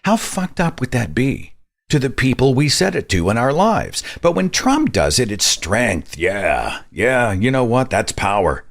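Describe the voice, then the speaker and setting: A man's voice: mid-range voice, huge pitch swings, unhurried, creaky. A man hosting a podcast, giving indignant, sarcastic commentary and mocking the views he criticizes. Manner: sarcastic, indignant, mocks others' voices. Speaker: podcast host. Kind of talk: opinionated commentary.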